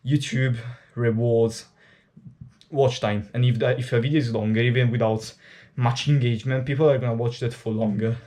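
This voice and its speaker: An Italian-accented man talks to his viewers while working out, loose and rambling, dropping casual swear words as he thinks aloud. His voice sits mellow and warm, never bright, at an ordinary middle pitch. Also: fairly even intonation, normal speed. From Italy. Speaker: fitness vlogger. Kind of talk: casual chat to camera during a workout.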